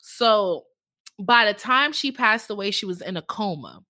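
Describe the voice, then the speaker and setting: A young woman in casual conversation, telling an emotional personal story with animated voices for the people in it. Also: mid-range voice, unhurried, no room sound. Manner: emotional, animated, acts out voices in her stories.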